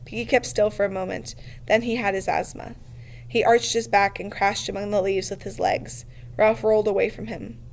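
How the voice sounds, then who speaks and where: Steady female reader for novel narration, mid-pitched and measured. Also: creaky. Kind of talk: reading a novel aloud.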